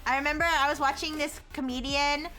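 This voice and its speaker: A young woman streamer talks loosely with her chat, reacting to messages and breaking into giggles. Her voice sits high and sounds bright and lively. Faint music plays underneath. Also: fairly quick. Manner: chatty, reads and answers chat, giggles often. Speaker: livestreamer. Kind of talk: casual livestream chat.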